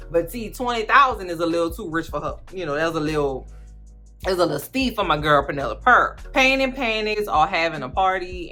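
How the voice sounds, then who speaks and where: Brief: animated, sassy woman recapper, talks to viewers directly, quite bright. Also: low-pitched. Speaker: vlogger, show recapper. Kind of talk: casual recap chat.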